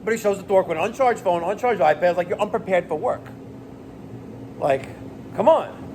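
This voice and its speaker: A man's voice: high-pitched, fairly quick, slight background noise. Profane New man ranting. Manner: animated, profane, exasperated ranting. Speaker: plumbing business owner. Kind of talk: rant vlog to camera.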